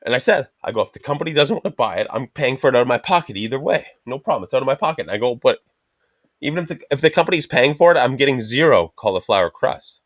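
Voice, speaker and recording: A man's voice: mid-range voice, quick pace, no room sound, clean studio sound. A man on a podcast telling a rambling, profanity-filled story and acting out the other people in it. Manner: profane, animated storytelling with acted quotes. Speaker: podcast co-host. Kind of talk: casual chat, storytelling.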